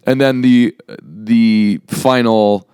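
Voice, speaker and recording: A man co-hosting a casual podcast, rambling and earnest, sometimes wry. His voice is smooth and resonant. The sound is close and dry. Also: medium pitch, fairly even intonation, very slow, darkish tone, dry recording. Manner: rambling and earnest when he opens up, wry otherwise. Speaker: podcast co-host.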